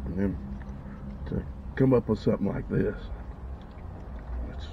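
Slow, gravelly man savoring his meal. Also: on the low side, dull audio, a little hiss or hum. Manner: savoring food, talking with his mouth full. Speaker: food vlogger. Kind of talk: casual eating vlog.

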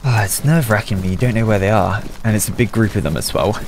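A man hosting a gaming channel, narrating and chatting with teammates, excitable and nervous. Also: lowish voice, a little hiss or hum. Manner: excitable, nervous, quick reactions. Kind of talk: gameplay voice chat and narration.

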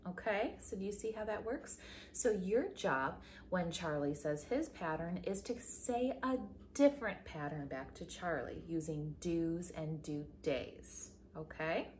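A female music teacher gives a recorded lesson to young children, using an animated sing-song delivery with big pitch leaps and slow, encouraging explanations. A little hiss or hum can be heard.

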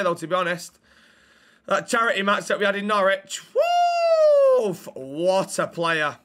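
A young man talks to his live chat while playing a game. His voice sits a touch high and rings very bright. His delivery is blunt, sweary banter into a desk mic. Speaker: streamer.

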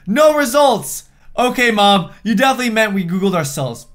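A man's voice: extremely high pitch, lively intonation, a little fast, a bit bright. A young man hosting a reaction video, reading texts aloud and commenting sarcastically. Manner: sarcastic, reads texts aloud in put-on voices.

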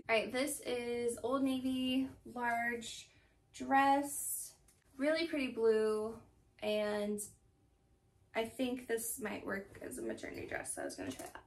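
A woman's voice: on the high side, lively intonation, slow pace, recorded from a distance. A young woman chatting casually at home about her thrift haul, rambling and laughing often. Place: home room.

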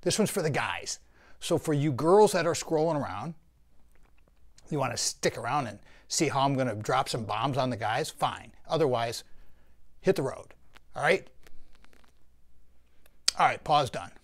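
Blunt older man ranting, lively pitch. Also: measured pace, long pauses. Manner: blunt, crude, preachy. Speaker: vlogger giving advice. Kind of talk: profane motivational rant.

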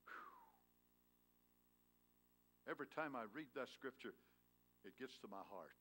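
A male pastor delivers a sermon in a church sanctuary. His voice sits at an ordinary middle pitch for a man, but his loudness swings widely between emphatic declarations and hushed, intimate passages. He keeps drawing in the congregation with pointed questions. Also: huge pitch swings, slow pace, long pauses, a little hiss or hum. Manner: swings between loud emphatic lines and hushed tender ones.

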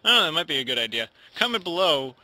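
Here the young YouTube host's voice sits on the high side, sing-song and fast, pushed and bright, with no echo. Talking casually to camera at home, he rambles, mumbles now and then, and piles up false starts and retakes.

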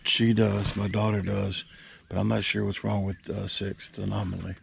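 Man, low gravelly voice, jokey outdoor fishing vlogger, action cam audio. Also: flat delivery, moderate pace, background noise. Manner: rambling, joking, talks straight to the camera. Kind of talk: casual fishing vlog chat. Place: small boat on a lake outdoors. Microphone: action camera.

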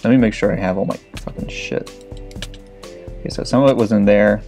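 Young man, let's play commentary, frantic and cursing, lowish voice, faint music behind. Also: steady tone, fairly quick, mellow. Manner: frantic, swearing, exclaiming at the game. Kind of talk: casual gameplay commentary.

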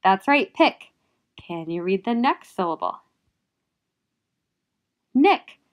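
Slow, patient woman teaching phonics. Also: mid-range voice, very animated. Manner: slow, patient, sounding out letters and clapping syllables. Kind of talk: phonics lesson for young children.

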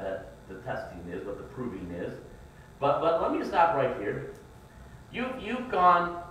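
A middle-aged pastor preaches in a church sanctuary, telling folksy family stories and acting out his children's whining voices. His voice is mid-range with a fairly bright tone. The mic sits at a distance in the echoey room, picking up a little hiss or hum.

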